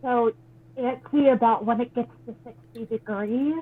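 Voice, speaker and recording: A woman in a casual group video chat, speaking earnestly and slowing down to make her point. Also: on the high side, steady tone, slight background noise. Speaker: ex-Mormon video creator. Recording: tinny phone-like line.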